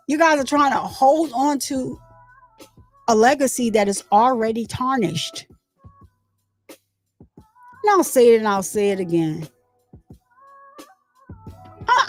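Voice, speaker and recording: A woman's voice: on the high side, darkish tone. A woman hosting a casual commentary channel, talking animatedly and with indignation, acting out the voices of crowds as she retells events.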